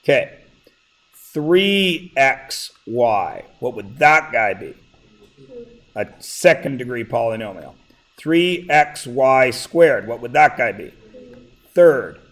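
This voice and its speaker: A male math teacher lectures in a classroom at an unhurried, drawn-out pace, his voice pitched in an ordinary middle range. He keeps a relaxed, joking tone and keeps pausing to ask whether everyone is following. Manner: relaxed, jokey, checks in with students often. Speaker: high school math teacher. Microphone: plugged-in classroom mic.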